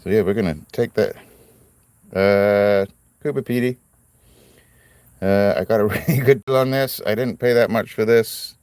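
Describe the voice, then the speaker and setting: A man's voice: on the low side, moderate pace, pauses often, a little mellow, smooth, no room sound. A man hosting a casual live stream, chatting in a rambling, friendly way and greeting viewers by name. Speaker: livestream host cutting stones.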